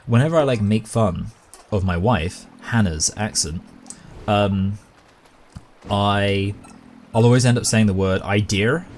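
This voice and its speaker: A British man with a deep, low voice talks over his own gameplay. He rambles and knows it, piling aside on aside in a relaxed, chatty way. Faint ambient noise sits behind him. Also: unhurried, pauses often. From Britain. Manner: rambling, long-winded and self-aware. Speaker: gaming YouTuber. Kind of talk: casual commentary while gaming.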